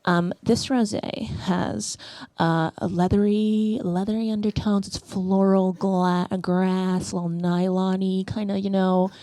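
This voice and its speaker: A woman voicing a haughty woman who pours at a wine tasting and gives slow, pretentious tasting notes. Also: medium pitch, flat delivery, mellow, no echo, natural voice. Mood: pompous.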